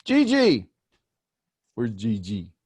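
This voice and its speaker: Guy running a coaching call over video, lively, teasing, dry close sound, asks question after question. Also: fairly low pitch, slow, slightly rough, no room sound. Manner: animated, teasing, questioning step by step. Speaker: host coaching callers. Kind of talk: live group coaching call.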